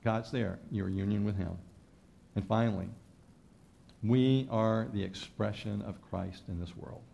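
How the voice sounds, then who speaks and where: A man preaching a sermon to his congregation, emphatic, rising loud on key lines and then dropping soft. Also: fairly low pitch, a little slow, vocal fry, slight background noise. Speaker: pastor.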